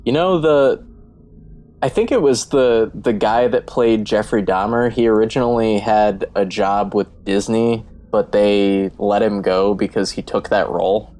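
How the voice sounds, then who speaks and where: A man co-hosting a casual film podcast, relaxed and jokey, hedging his points with fillers. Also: fairly low pitch, measured pace. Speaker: podcast co-host.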